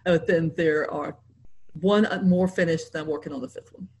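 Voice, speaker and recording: A woman author, cheerful and quick to laugh, reading her work aloud and chatting in an interview. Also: deep voice, steady tone, a little mellow, a little hiss or hum.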